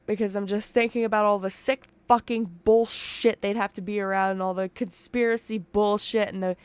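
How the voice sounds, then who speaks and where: Profane, emotional woman streamer, smooth voice. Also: mid-range voice, no room sound. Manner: emotional, profane, rambling with restarts. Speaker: commentary streamer. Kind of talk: casual reaction commentary. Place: home room with open window.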